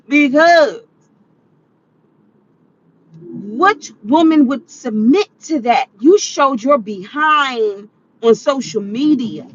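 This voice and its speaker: A woman vlogger delivering ranting commentary, animated and exclaiming, often laughing. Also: high-pitched, muffled recording.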